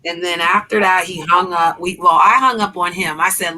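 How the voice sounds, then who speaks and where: A woman's voice: on the low side, steady tone, moderate pace, bright, forceful tone. A woman host in a casual chat, telling a heated story bluntly with profanity.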